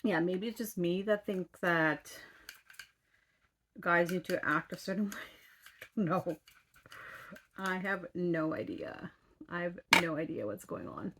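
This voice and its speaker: A woman's voice: lowish voice, takes it slowly, pauses often, background noise. Chatty, exasperated woman vlogger in her thirties. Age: 30s. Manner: chatty, exasperated storytelling full of fillers; swears casually. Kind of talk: casual chat.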